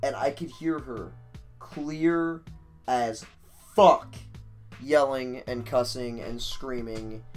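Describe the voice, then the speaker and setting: A man streaming, telling a story casually in a profane, animated, rambling way. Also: mid-range voice.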